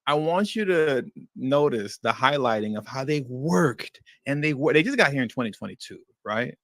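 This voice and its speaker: A man hosting a livestream, reacting to news clips with animated, indignant commentary that slips into slang. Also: mid-range voice, moderate pace, dry recording, studio quality. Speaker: livestream host.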